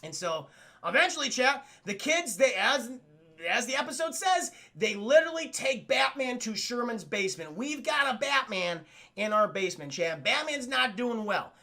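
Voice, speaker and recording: A man's voice: very high voice, very animated, moderate pace, vocal fry, sharp tone. A man streaming a cartoon review, rambling and swearing casually while talking to his chat. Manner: profane, rambling, keeps addressing the chat. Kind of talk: casual live-stream commentary.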